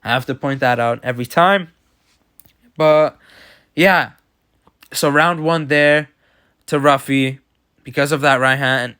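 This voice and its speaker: A man talks through fight results in casual reaction commentary. He is blunt and opinionated and waves off ideas he rejects. His voice is smooth and clear, at an ordinary middle pitch. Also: fairly even intonation, takes it slowly, pauses often, bright, forceful tone. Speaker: MMA commentator.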